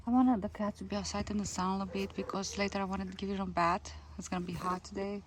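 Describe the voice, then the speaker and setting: A woman's voice: mid-range voice, fairly even intonation, fast talker, few pauses, background noise. A woman vlogging in her garden, coaxing and scolding her cats in casual chat. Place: garden outdoors.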